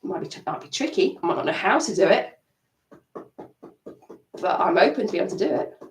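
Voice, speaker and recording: A woman coaching an EFT tapping session on a live stream, animated and acting out her inner self-talk. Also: on the low side, normal speed, a little hiss or hum. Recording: roomy sound, mic at a distance.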